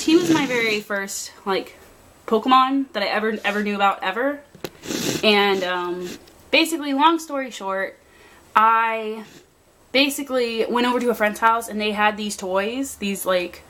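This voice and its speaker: A young woman giving a rambling, excitable tour of her art desk at home, talking into a handheld camera. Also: mid-range voice, background noise. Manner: chatty, rambling, excitable, many fillers. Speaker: artist showing her workspace. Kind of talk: casual vlog tour. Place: home desk area, indoors.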